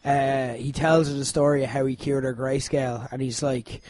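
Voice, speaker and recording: A man hosting a podcast, talking in an animated, casual way and swearing freely. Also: medium pitch, moderate pace, no room sound. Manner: animated, swearing, laughing often. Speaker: podcast host. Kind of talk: casual chat.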